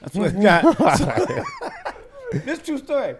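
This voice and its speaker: Animated man telling comic stories. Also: high-pitched, slow, a little hiss or hum. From US Midwest. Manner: animated, acts out other people's voices, laughs often; profane street slang. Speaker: stand-up comedian guest. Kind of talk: storytelling on a talk show.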